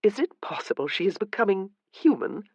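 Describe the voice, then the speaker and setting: A woman's voice: mid-range voice, sing-song, moderate pace, a little mellow, no room sound, muffled recording, pitched above the performer's own voice. A woman voicing Elizabeth, a wry, perceptive noblewoman who teases dryly in an audiobook. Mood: teasing. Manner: dry and teasing. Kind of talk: audiobook character reading.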